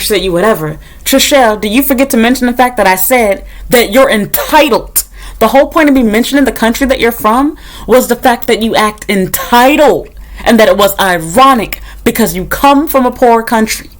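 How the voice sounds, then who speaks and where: A young woman vlogger ranting bluntly and sarcastically to her own camera, swearing freely as she tells a story. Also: on the high side. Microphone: camera mic.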